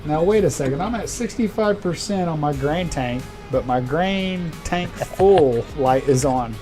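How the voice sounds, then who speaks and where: Easygoing male streamer, slightly high. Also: a little slow, over music. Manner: relaxed, laughs easily, thinks aloud. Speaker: streamer host. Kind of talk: casual gaming live stream chat.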